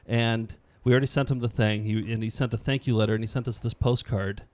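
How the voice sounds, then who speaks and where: A man's voice: fairly low pitch, steady tone, fast, darkish tone. A man co-hosting a casual show, talking loosely with lots of ums and restarts. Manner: loose, rambling, full of fillers. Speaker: co-host. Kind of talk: casual banter. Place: office.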